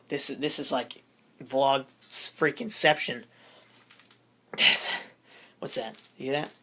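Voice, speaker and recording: Bright goofy teen boy vlogging. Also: medium pitch. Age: teens. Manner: goofy, jokey, self-interrupting. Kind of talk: rambling casual vlog. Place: his room.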